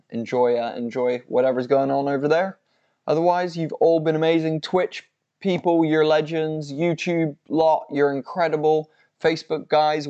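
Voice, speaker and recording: A man's voice: on the high side, darkish tone, clean tone, highs cut off. A man co-hosting a fight watch-along stream, signing off with rambling, effusive thanks and plenty of fillers. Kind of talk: casual livestream sign-off chat.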